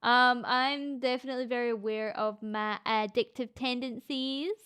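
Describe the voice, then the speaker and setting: A Scottish woman chatting casually on a live stream as she reads chat, playful and quick to laugh, with the odd swear word. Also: fairly high pitch, fairly even intonation, fairly bright tone, clean tone. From Scotland. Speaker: VTuber streamer reading chat.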